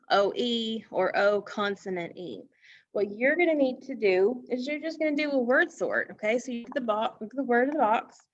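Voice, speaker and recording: Teaching phonics to young children, a woman with a voice on the high side speaks slowly and deliberately, drawing out words for emphasis and praising the class often. The recording has its highs cut off.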